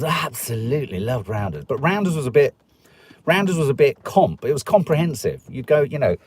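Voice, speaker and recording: A man's voice: medium pitch, a little hiss or hum. A middle-aged man with a Stoke accent, hosting a live stream and chatting in a rambling, jokey way. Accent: Stoke-on-Trent English. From England. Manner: chatty, rambling, jokey, puts on voices for people he quotes. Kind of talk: casual chat reading viewer comments.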